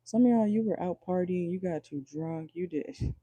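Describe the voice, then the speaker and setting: A man's voice: high-pitched, moderate pace, mellow, slight background noise. A man doing a casual livestream tarot reading, chatty and joking, talking straight to his viewers and swearing freely. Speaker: tarot reader.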